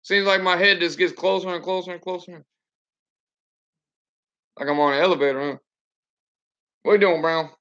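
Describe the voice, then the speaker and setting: Trucker guy ranting on his webcam at home, swears a lot, pretty high voice, kinda muffled audio. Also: steady tone, normal speed, long pauses, a bit bright. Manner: blunt and profane, ranting. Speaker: truck driver. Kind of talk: casual livestream chat. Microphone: computer webcam.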